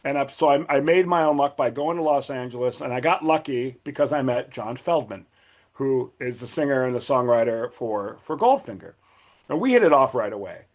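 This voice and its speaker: A middle-aged man casually telling a long story as a podcast guest, acting out the people he quotes with big jumps in pitch. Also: expressive, brisk.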